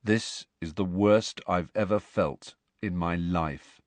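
A man's voice: lowish voice, measured pace, darkish tone, husky, no echo. A man reading aloud and voicing a guilty, miserable teenage boy who talks in a glum, self-blaming way. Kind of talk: audiobook character reading.

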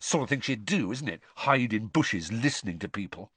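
A hot-tempered teenage wizard boy, as a male narrator puts him on, his storybook voice lifted higher and full of anger. The delivery swings lively up and down, close and dry. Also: moderate pace, husky, no room sound. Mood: angry. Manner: angry, intense.

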